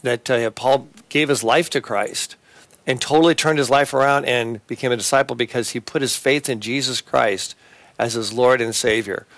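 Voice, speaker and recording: Man, christian talk host, halting speech, fillers and restarts, dry close sound. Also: mid-range voice, fairly even intonation, gravelly, a bit bright, no echo. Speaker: show host and preacher. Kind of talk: conversational Christian talk show.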